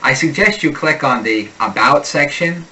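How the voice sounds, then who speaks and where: A man teaching an accent lesson, slowly and deliberately drilling sample words. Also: on the high side, expressive, pushed and bright, distant mic, rough recording. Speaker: accent coach.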